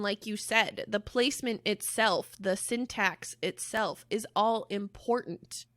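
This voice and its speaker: A woman co-hosting a podcast in casual chat, animated and swearing freely, with loud laughs. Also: mid-range voice, no room sound, clean studio sound. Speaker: podcast co-host.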